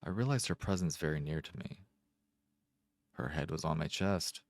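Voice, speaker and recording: A man narrates a first-person short story in a very deep voice. He reads at a measured, deliberate pace with careful pauses, recorded close and dry. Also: dry recording. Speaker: amateur narrator.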